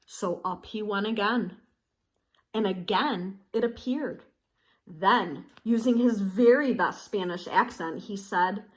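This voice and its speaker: A woman teacher reading a picture book aloud and talking to young listeners. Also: mid-range voice. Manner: slow, gentle, addressing young listeners. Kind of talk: storybook read-aloud.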